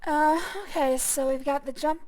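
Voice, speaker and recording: A woman's voice: high-pitched, fairly even intonation, moderate pace, a little mellow. Swearing woman streamer thinking aloud. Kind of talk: casual gameplay commentary.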